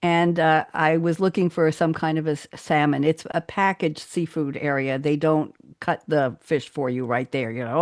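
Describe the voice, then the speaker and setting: A chatty woman with a New York accent hosts a talk show and tells stories with easy laughter. Her voice sits fairly low. The sound is close and dry. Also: fairly even intonation, moderate pace, hardly any pauses, dry recording. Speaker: host. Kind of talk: casual chat.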